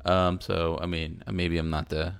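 Podcast co-host, man, deep and gravelly, rambling and casual. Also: flat delivery, measured pace. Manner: rambling, loose and self-mocking, with playful put-on quotes. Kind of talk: casual chat.

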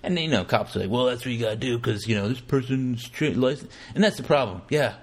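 A man talking casually as a podcast host, animated and profane, acting out quotes in exaggerated voices. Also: mid-range voice, quick pace, husky. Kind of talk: casual conversational commentary.

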